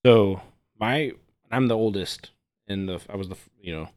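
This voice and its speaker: A man's voice: lowish voice, moderate pace, darkish tone. A man on a casual podcast, telling laid-back anecdotes peppered with swearing. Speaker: podcast guest.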